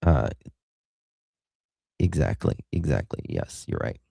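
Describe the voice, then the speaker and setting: A man's voice: extremely low pitch, sing-song, takes it slowly, creaky, noisy background. An American man hosting a livestream, chatting casually and affectionately with viewers, thanking them by name and laughing often. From United States. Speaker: livestream host. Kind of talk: casual chat reading viewer comments.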